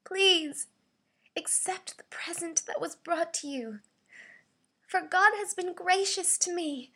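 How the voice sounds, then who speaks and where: A woman's voice: slow, sharp tone, heavily acted. A woman voicing a meek woman pleading in a raised, imploring voice. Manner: high, imploring.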